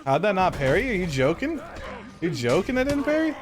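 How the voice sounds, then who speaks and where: A young man live-streaming a game, rambling and swearing, breaking into high-pitched yells when frustrated. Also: sing-song, a little fast, noisy background. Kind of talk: casual live-stream chat while gaming.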